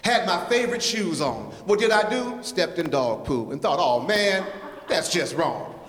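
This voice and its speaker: Guest-speaking at a church service, a man delivers his sermon as a playful, rhyming spoken-word poem and draws the congregation into call-and-response. His slightly high, fairly bright voice is very animated yet measured in pace, echoing with long reverb in the church sanctuary.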